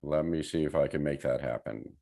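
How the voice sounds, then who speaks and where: Male, very low and warm, lav mic, wry joker. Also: brisk, creaky. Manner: dry joking banter. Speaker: call participant. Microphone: lavalier.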